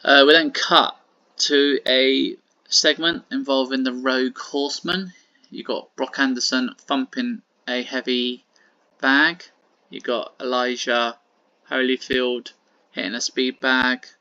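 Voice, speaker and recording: A man's voice: mid-range voice, steady tone, takes it slowly, bright, forceful tone, no echo. A man casually narrating a wrestling simulation game, with frequent fillers. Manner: casual, with many fillers and "sort of". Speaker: wrestling sim host. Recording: dull, lo-fi and dry.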